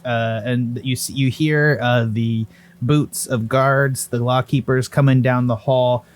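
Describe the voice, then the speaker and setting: A man narrating as game master in a casual, rambling way, often correcting himself. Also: medium pitch. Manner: rambling, self-correcting, laughing asides.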